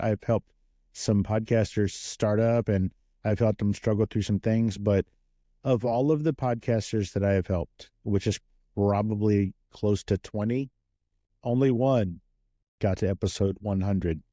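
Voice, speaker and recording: Male guest interviewer, jokey and lively, dark tone on a dull lo-fi recording. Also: fairly low pitch, measured pace, dry recording. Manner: energetic, joking, playful. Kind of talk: casual podcast interview.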